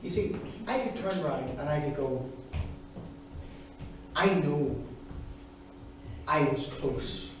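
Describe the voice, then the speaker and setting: Man preaching in an echoey hall. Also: mid-range voice. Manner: earnest and personal, speaking to the congregation. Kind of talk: sermon. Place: church hall. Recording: echoey hall, distant mic, noisy.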